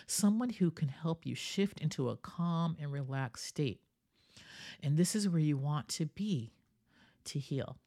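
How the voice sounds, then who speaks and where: The host of this solo wellness podcast is a woman whose voice sits low with a darkish tone. Her delivery is coaching in style, peppered with "right?" and impressions of people she quotes.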